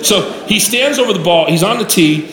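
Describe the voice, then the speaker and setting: A man's voice: sits high, lively intonation, a little fast, fairly bright tone. A male pastor preaching a sermon with folksy storytelling, addressing the congregation directly. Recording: echoey live hall with room noise.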